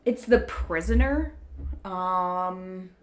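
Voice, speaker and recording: A soft-spoken woman co-hosting a podcast in casual chat, bubbly and chatty, recorded at a home desk on one shared mic. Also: fairly low pitch, very slow. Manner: bubbly and chatty, laughs easily. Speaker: podcast co-host. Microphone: single shared desk mic.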